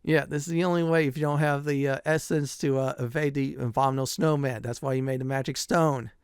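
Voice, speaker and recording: Chuckling frequently and leaning on plenty of "uh" fillers, a middle-aged gameplay commentator chats casually over his video game playthrough. His medium-pitched voice stays steady, clear, and resonant, moving a little fast. The recording is dry and studio quality.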